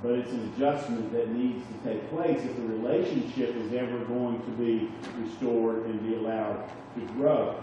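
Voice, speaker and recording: A man's voice: medium pitch, steady tone, moderate pace. A middle-aged man preaching a sermon in a conversational way, often checking in with his listeners. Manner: conversational, asks the audience "okay?" and "right?". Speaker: pastor. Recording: echoey room from far off, dull and noisy.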